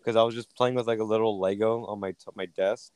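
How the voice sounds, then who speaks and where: A man's voice: on the low side, fairly even intonation, quick pace, a little mellow. A man from the US West Coast chatting on a podcast, rambling through stories with lots of fillers. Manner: rambling, filler-heavy storytelling. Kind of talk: casual chat.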